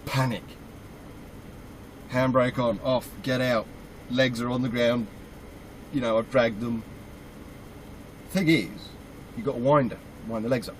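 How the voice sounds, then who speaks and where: A man's voice: mid-range voice, steady tone, unhurried, long pauses, rough recording. British truck driver guy telling a story, acts out his own reactions, bit of background noise. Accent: British English. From United Kingdom. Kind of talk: casual storytelling.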